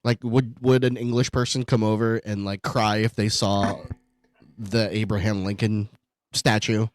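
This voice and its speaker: A man's voice: fairly low pitch, unhurried, no echo, clean studio sound. A man co-hosting a casual podcast, joking and swearing freely. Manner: joking, swearing, animated impressions. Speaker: podcast co-host.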